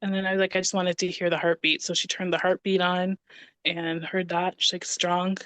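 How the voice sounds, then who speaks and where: Animated woman telling a story. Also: lowish voice, brisk, dry recording. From Canada (Ontario). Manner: animated, acts out quoted dialogue. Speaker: podcast guest. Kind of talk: casual storytelling conversation.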